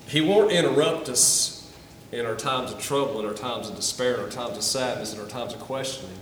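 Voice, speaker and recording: A man's voice: mid-range voice, quick pace, slight background noise. Male pastor, earnest sermon delivery with repeated starts; recorded from far back in a roomy hall. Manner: earnest, repeats words when starting phrases. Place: church sanctuary.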